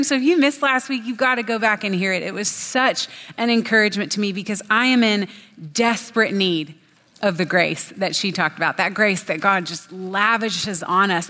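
Animated woman teaching in a hall. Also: on the high side. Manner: animated storytelling, chatty and self-deprecating. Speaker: women's Bible study teacher. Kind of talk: sermon. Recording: long hall reverb.

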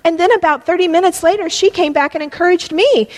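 A middle-aged woman with a high voice teaches a Bible lesson with fervent urgency, her voice climbing toward a yell at its peaks. The sound hangs in a long reverberant church hall. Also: fast. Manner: impassioned, rising to near-yelling at peaks.

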